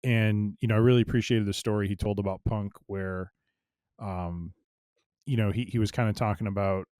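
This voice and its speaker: A low-voiced man co-hosts a casual podcast, chatty and quick with short replies. The recording is dry and close, with no room sound. He talks in an easy conversational way. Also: steady tone, a little mellow, clean tone, no echo. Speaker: podcast co-host. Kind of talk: casual chat.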